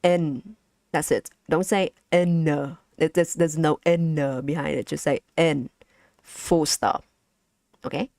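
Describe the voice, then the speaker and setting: A woman with a low voice, whose first language is Vietnamese, runs a live-stream lesson on pronunciation of the language. She speaks slowly and hesitantly, restarting and repeating words and giggling often. The audio is close, dry, and echo-free, with a darkish tone.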